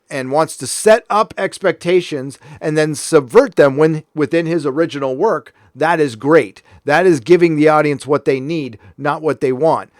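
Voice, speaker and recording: A man's voice: a little high, no room sound, studio quality. A man from California hosting a show, ranting in a casual, sarcastic way. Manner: sarcastic, heated. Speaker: host. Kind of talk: casual commentary rant.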